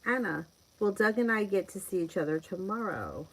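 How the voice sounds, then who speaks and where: A woman's voice: mid-range voice, animated, moderate pace, a little hiss or hum, low-quality recording. A middle-aged woman with a New York accent, chatting through a live-stream tarot reading and laughing often as she reads out viewers' questions. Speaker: tarot reader.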